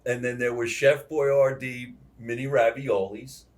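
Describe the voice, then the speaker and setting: A man's voice: mid-range voice, flat delivery, a little slow. A man hosting a podcast, easygoing in casual chat, who laughs often and explains at length. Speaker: podcast host. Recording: distant mic.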